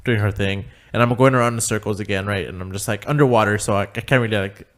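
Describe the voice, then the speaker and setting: A man's voice: on the low side, fast. A young man co-hosting a podcast, telling a family story in a laid-back, joking way and acting out the quotes. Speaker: podcast co-host. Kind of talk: casual storytelling chat.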